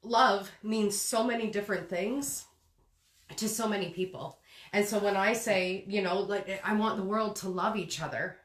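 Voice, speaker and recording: A woman's voice: medium pitch, moderate pace. Echoey woman with rising sentence endings. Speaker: host. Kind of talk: casual conversational live stream.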